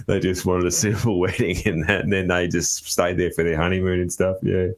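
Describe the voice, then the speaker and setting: An Australian man hosting a podcast interview, talking in a halting way with lots of fillers and restarts. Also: low-pitched, little pitch movement. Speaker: podcast host. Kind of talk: casual interview chat.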